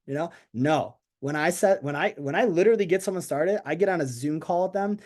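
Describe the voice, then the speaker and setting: A man leading a network marketing team call on a video call, energetic and chatty, asking the audience questions. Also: a little high, brisk. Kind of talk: motivational team call talk.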